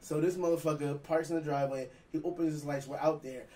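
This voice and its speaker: A man co-hosting a podcast from New Jersey, telling a profane, animated story and acting out quotes in casual chat. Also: a little high, fast talker. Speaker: podcast co-host. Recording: distant mic with faint ambient noise.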